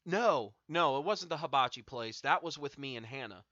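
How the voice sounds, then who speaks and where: A man's voice: mid-range voice, lively intonation, normal speed, sharp tone, dry recording, lo-fi sound. Profane young man rambling through a story. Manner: profane, rambling anecdote with many fillers. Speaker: streamer host. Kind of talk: casual storytelling to chat.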